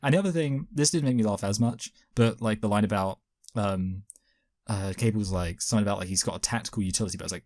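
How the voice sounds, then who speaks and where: A man's voice: fairly low pitch, fast talker, a little mellow. A man co-hosting a casual movie review chat, rambling with lots of fillers and self-corrections. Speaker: podcast co-host.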